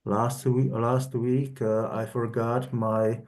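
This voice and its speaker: A man learning English on a video call, repeating practice words slowly and carefully. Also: mid-range voice, flat delivery, a little mellow.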